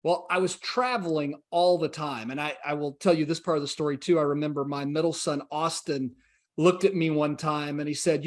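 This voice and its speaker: A man in his forties appears as a podcast guest, telling his story earnestly and reflectively while acting out the dialogue he quotes. His voice is a little high and brisk.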